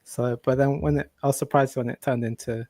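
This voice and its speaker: A man's voice: medium pitch, steady tone, fairly quick, mellow, no room sound. A man guesting on a casual podcast chat, tentative and full of "um"s. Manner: tentative, many "um"s.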